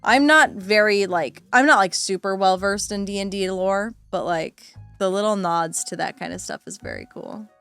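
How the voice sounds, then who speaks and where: Young woman streamer, excitable and giggly, smooth clear voice, mid pitch, soft game music under her. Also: moderate pace, few pauses. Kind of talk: casual game commentary.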